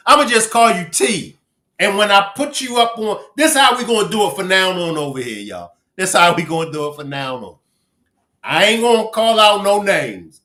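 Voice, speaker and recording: A man with a Baltimore accent hosts a casual live stream, joking playfully with viewers and reading their names out loud. His voice sits high and sounds pushed and bright, with a roomy echo on the recording.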